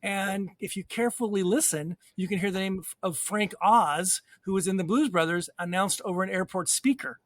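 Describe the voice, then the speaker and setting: A man's voice: high voice, moderate pace, hardly any pauses, no echo, studio quality. A man co-hosting a casual movie podcast, reading out trivia and reacting with amusement. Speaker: podcast co-host. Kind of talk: casual movie chat over drinks.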